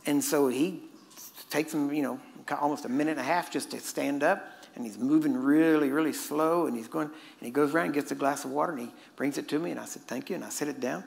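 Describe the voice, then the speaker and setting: A man's voice: a little high, fast, gravelly, a little hiss or hum. A man preaching a sermon as a casual story, now and then laughing at his own asides. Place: church hall. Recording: echoey hall with faint ambience.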